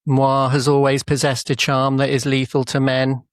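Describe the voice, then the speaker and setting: A man's voice: mid-range voice, monotone, normal speed, no room sound, lightly acted. A vain puppet diva pig, haughty and flirty, with a threatening edge under the charm, as a man puts her on. The voice is dry and close to the mic. She preens and bosses in the same breath, like a pampered TV puppet star.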